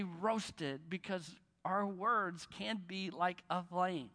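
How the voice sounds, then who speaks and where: A man's voice: high voice, slow, few pauses, pushed and bright. A man preaching a sermon, talking conversationally, joking, and stressing key words. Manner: conversational, joking, with bursts of emphasis. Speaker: pastor. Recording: long reverb of a large hall.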